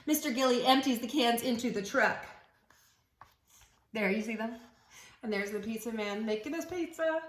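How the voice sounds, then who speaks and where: A fairly high, sharp-toned female voice reads a picture book aloud to young kids at normal speed, expressive and sing-song for storytime. She takes on a playful, encouraging teacher role and prompts call-and-response chants, with roomy acoustics around her.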